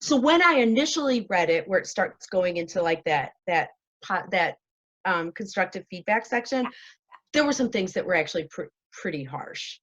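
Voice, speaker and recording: A woman's voice: fairly low pitch, very animated, moderate pace, fairly bright tone. Chatty self-mocking woman on a dull call. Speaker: show host, interviewed as guest. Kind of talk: casual interview talk.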